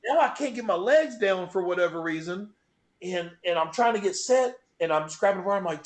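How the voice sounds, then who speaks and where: A middle-aged bench press record holder, appearing as an interview-show guest, speaks fast with a voice that sits high. Loose and profane, he animatedly acts out each scene of his story, and the sound carries a roomy echo.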